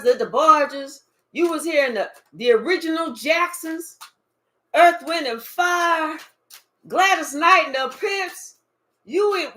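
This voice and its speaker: Woman, high voice, tarot reader, swearing, emphatic, speaks to the viewer, low asides to spirit. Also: fairly bright tone. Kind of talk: channeled card reading, casual and profane.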